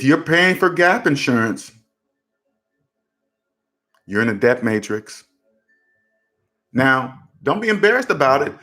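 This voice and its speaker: A man's voice: medium pitch, very animated, slow pace, pauses often, bright, forceful tone, soft background music. A man hosting a personal finance channel, talking emphatically and repeating his points to drive them home. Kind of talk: casual commentary to camera.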